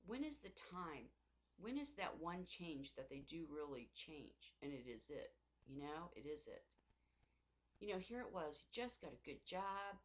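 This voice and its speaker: A woman's voice: low-pitched, very animated, a little slow. A middle-aged woman talking in a personal faith vlog, rambling and emotional, with many restarts and asides. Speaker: Christian vlogger.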